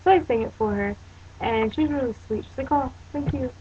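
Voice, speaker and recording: Talking quickly in a mellow, fairly high voice, a Pennsylvania teen vlogger rambles through a story for her camera, saying "um" and "like" constantly. It's a dull, lo-fi home recording with a slight hiss.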